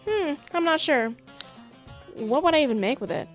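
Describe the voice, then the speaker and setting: A woman's voice: high-pitched, expressive, normal speed, faint music behind. A woman giving playful, giggly commentary while reading a dating-sim game aloud, with sarcastic asides. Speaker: gaming streamer. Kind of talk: casual let's-play commentary and reading aloud.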